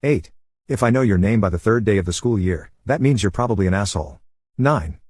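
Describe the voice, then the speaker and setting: A man narrating online stories in an even, unhurried reading voice. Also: lowish voice, husky, no echo, studio quality.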